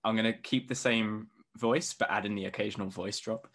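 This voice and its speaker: A man's voice: fairly low pitch, steady tone, brisk, a bit bright. A man playing a tabletop role-playing game, chatting with the game master and laughing often. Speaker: player. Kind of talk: casual tabletop game play.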